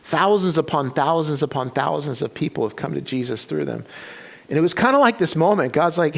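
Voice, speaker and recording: A man's voice: a little high, animated, a little fast, creaky. A man preaching a sermon, retelling a story with many restarts and quoted voices. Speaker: pastor. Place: church sanctuary.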